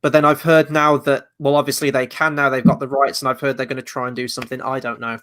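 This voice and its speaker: A man's voice: mid-range voice, level tone, quick pace, a bit bright. A man co-hosting a film quiz, rambling and joking as he talks. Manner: rambling, jokey. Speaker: quiz co-host. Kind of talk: casual quiz chat.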